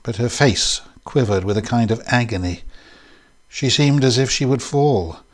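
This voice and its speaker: A man giving a measured, scripted narration of a classic short story. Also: mid-range voice. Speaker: reader.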